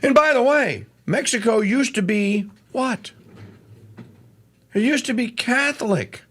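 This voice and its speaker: A man hosting a political talk radio show, delivering a fiery monologue that swings between low mutters and shouts. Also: lively intonation, slow pace. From Louisiana.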